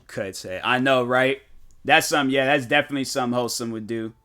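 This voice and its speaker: Bright-voiced young man telling animated stories. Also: mid-range voice, fast talker. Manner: animated, slangy storytelling. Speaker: gaming streamer. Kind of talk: casual chat with viewers.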